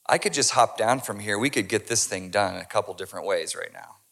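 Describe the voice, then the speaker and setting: A male pastor speaking the quiet, strained inner thoughts of a suffering man on a cross during a sermon. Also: fairly low pitch, a little fast, gravelly, pitched below the performer's own voice.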